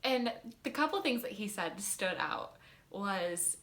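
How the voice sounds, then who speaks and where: A woman's voice: mid-range voice, lively intonation, takes it slowly, a bit bright. A young woman vlogger telling a story in a rambling, giggly way, full of fillers and restarts, while stoned. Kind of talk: casual storytime monologue. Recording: roomy echo.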